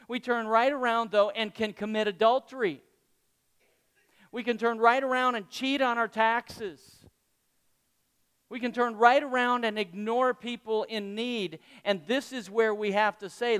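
High-voiced pastor preaching in a hall. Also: male voice, steady tone, moderate pace, a bit bright, clear, resonant tone. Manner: conversational preaching with questions to the congregation. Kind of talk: sermon. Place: church hall with congregation.

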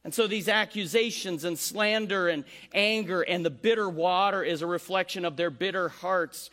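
Man, pastor, sermon, high-pitched, animated delivery, voices the quoted complaints. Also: moderate pace.

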